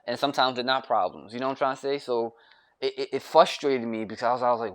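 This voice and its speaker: A man's voice: medium pitch, animated, fast talker, a bit bright. Young American guy, grumpy rambling rant, profane and repetitive. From United States. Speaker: vlogger.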